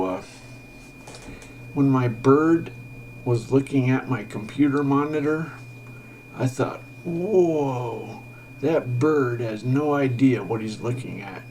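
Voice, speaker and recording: A man's voice: medium pitch, darkish tone, a little hiss or hum, rough recording. A man recording himself, talking in an agitated, rambling way, swearing often and restarting his sentences. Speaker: self-recording programmer. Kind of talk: rambling self-filmed monologue.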